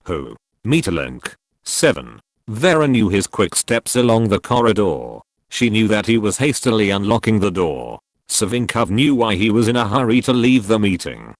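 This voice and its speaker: A male audiobook narrator with a low voice that rises and falls in lively swings of pitch. He reads in a measured, expressive way. The sound is dry and close, like a small recording booth. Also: no room sound. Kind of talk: scripted narration.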